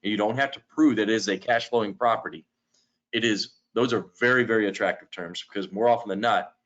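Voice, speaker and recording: A man with a somewhat low voice walks through lending terms in a steady, explanatory webinar talk. The audio is dull and lo-fi. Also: quick pace. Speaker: lending company presenter. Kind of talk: webinar presentation.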